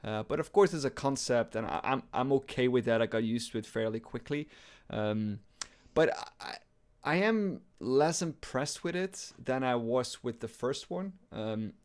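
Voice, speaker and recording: A man's voice: medium pitch, measured pace. Man rambling casually about a game. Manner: relaxed, rambling, many fillers. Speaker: podcast co-host. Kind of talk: casual chat, game review.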